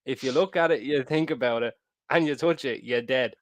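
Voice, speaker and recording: A man's voice: mid-range voice, a little fast, no room sound. A man co-hosting a casual football podcast, opinionated and jokey. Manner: opinionated, jokey, repeats himself. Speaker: podcast co-host.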